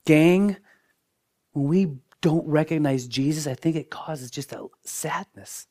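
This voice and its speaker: A man preaching a sermon as pastor, shifting between strong emphasis and soft, hushed moments, often repeating words as he builds a point. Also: a little high, slow pace. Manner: dynamic preaching, dropping to near-whispers for emphasis.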